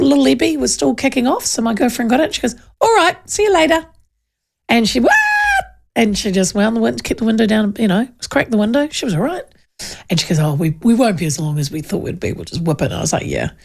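NZ woman talk-radio host, gravelly voice with lots of pitch swing, anecdotal and playful. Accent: New Zealand. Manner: animated storyteller, acts out voices. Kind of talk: casual chat and anecdote.

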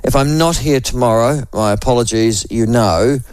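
Hoarse older New Zealand man on radio. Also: medium pitch, normal speed, a little mellow, no echo. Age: 60s. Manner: rambling and chatty, with many restarts. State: hoarse from a cold. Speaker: radio host. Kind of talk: talk radio monologue. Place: radio studio.

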